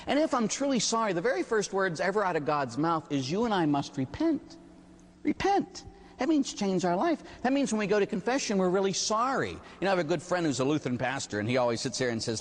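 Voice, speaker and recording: Male Catholic priest, sermon, animated storytelling, rhetorical questions, reverberant hall. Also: on the high side, fairly quick, slight background noise.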